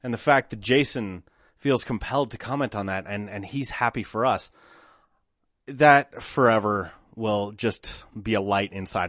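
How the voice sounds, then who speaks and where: A man hosting a solo podcast, telling stories with animated, emphatic bursts of excitement. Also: lowish voice, normal speed, no room sound, studio quality. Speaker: podcast host.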